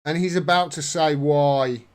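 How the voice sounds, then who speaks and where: A man's voice: on the high side, steady tone, a little slow, clear, resonant tone. A man giving casual political commentary on a vlog in an indignant, sarcastic way. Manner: indignant, sarcastic, rising to outbursts. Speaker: commentary vlogger.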